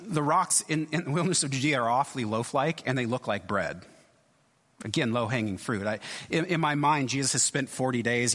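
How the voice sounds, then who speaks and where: A man's voice: medium pitch, fairly bright tone. A man preaching a sermon in a conversational way, thinking aloud and often restarting his sentences. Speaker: pastor. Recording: long reverb of a large hall.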